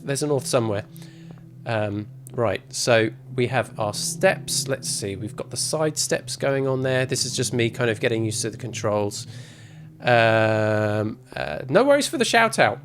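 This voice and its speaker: A man's voice: mid-range voice, animated, unhurried, background noise. A man giving casual, rambling gameplay commentary as a streamer, with self-mocking asides. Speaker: game streamer.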